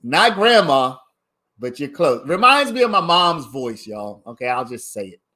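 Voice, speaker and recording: A man's voice: a little high, very animated, moderate pace, bright, forceful tone. A man hosting a casual livestream, giving his commentary in a chatty way and talking straight to his viewers. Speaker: livestream host commenting on a trial.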